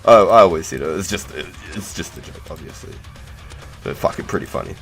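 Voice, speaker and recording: A man's voice: low voice, animated, a little fast, fairly bright tone, faint music behind. A young man with a New Zealand accent, chatting casually and slangily to viewers on a game live stream, swearing freely.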